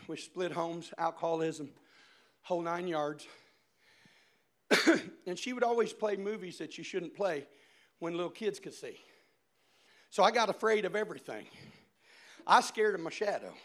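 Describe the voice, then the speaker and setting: A high-voiced male preacher with a bright, piercing tone. He preaches with shouted, animated storytelling that swings between loud and soft. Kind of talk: sermon.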